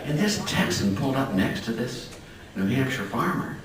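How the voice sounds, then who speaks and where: A man's voice: medium pitch, expressive, normal speed. An older man giving a folksy, chuckling talk as a guest speaker. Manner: chuckling, storytelling. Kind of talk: folksy anecdotal speech. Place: lecture hall. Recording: roomy hall from far off, faint noise.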